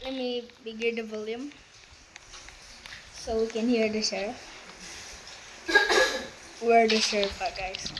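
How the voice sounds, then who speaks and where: High-voiced excitable woman gaming. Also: slow, long pauses, noisy background. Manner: excitable, laughs and exclaims, talks to viewers as "guys"; loose, broken grammar. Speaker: gamer narrating her own play. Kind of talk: casual gameplay commentary.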